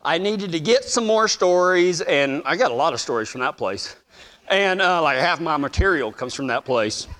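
A man's voice: fairly high pitch, lively intonation, moderate pace, fairly bright tone. A man preaching a sermon, telling funny personal stories and acting out the voices in them with a self-deprecating humor.

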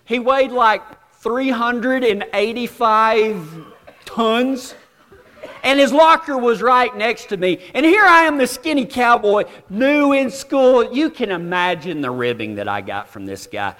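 A man preaching a storytelling sermon, folksy and self-deprecating, with dramatic pauses. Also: very high voice, animated, fairly bright tone. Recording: long hall reverb.

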